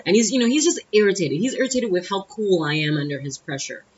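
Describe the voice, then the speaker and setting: A woman's voice: mid-range voice, animated, fast, a little mellow. A young woman talking straight to camera, telling a story with blunt, exasperated, profane asides. Her voice sits mid-range, and the recording sounds a little dull and lo-fi, with faint noise underneath. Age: young adult. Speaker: vlogger. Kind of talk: casual storytime monologue.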